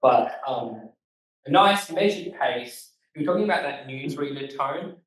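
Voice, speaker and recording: An Australian man gives a loose, quick instructional talk, leaning on key words and stumbling through fillers. He stands back from the mic, and the room rings with heavy echo. His pitch sits in an ordinary middle range. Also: animated. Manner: fast-talking, emphatic, loose with fillers. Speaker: podcast host giving a talk. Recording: echoey room, voice from far off.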